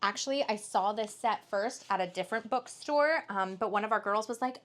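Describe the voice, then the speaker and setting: A woman's voice: fairly high pitch, normal speed, few pauses, fairly bright tone. A young woman co-hosting a book haul video, chatting casually and bubbly, with lots of "like" and the odd swear word. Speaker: booktuber co-host. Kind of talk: casual chat.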